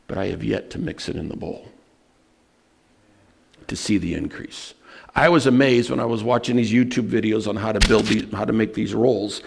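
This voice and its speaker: A man preaching a sermon as pastor, telling personal stories in an earnest way and slowing down to stress scripture. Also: lowish voice, gravelly, a little mellow, husky. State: emotional at moments.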